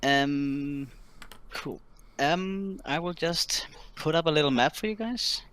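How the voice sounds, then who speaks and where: Game-master narrator, man, slow delivery, bright tone, halting with fillers. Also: fairly high pitch, clean tone. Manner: hesitant, many ums and restarts. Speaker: dungeon master.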